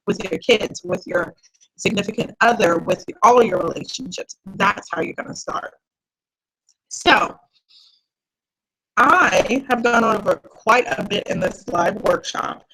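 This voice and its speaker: A woman's voice: mid-range voice, expressive, unhurried, gravelly, a bit bright, breathy edge, rough recording. A woman mindset coach leading a live online workshop, talking directly and encouragingly to her viewers. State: tired, yawning.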